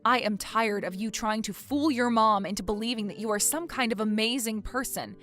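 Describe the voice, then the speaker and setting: A woman's voice: on the high side, normal speed, a bit bright, faint music behind, lightly acted. A woman playing a fed-up, exasperated wife in a dramatized story, talking indignantly. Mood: frustrated.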